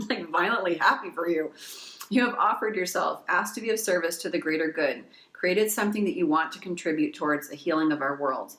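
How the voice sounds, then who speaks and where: A woman's voice: deep voice, a bit bright, roomy sound. A woman giving a casual pick-a-card tarot reading. She reads oracle card messages aloud and gushes with emotion, swearing casually along the way.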